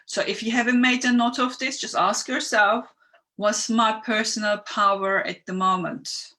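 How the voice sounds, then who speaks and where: A woman's voice: on the high side, fairly even intonation, normal speed, sharp tone. A woman hosting a live online workshop, chatty and encouraging as she reads out viewers' comments and guides them. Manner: chatty and encouraging, with frequent ums. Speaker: online workshop host and coach. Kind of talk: live-streamed teaching, reading viewer comments.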